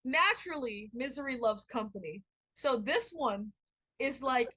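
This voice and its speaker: A young woman hosting a podcast in casual chat, animated, swearing and laughing as she tells a story. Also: sits high, normal speed, husky, poor audio. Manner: animated, laughing, swearing, heavy use of filler words. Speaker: podcast host.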